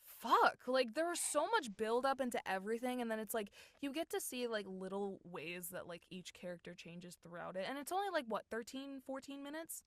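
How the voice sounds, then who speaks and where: A young woman voice actor, a guest in a casual interview, animated and quick to laugh, sometimes dropping to a whisper. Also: fairly high pitch, no echo, clean studio sound. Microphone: home recording booth mic.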